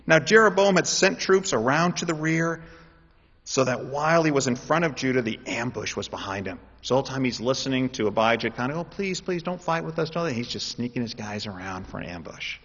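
A man preaching a sermon, shifting between explaining and loud, impassioned pleas. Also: medium pitch, fairly quick. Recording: dull audio in a reverberant hall.

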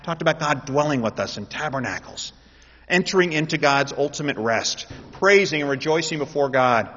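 A man preaching a sermon in an animated way, building up to loud, emphatic calls. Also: a little high, moderate pace. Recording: dull sound with long hall reverb.

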